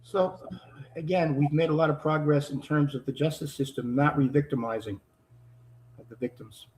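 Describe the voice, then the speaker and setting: A man, a judge, speaking as an interview guest in an earnest, halting way, with many fillers and restarts that build in intensity. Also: a little high, fairly even intonation, darkish tone, poor audio. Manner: earnest, halting with fillers and repeats, rising intensity when quoting. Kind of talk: conversational interview.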